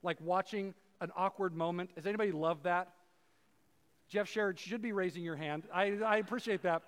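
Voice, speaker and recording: High-voiced man preaching in a reverberant hall. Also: normal speed. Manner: casual and animated, acts out voices, many fillers. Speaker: preacher and professor. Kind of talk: conversational sermon. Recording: long reverb of a large hall.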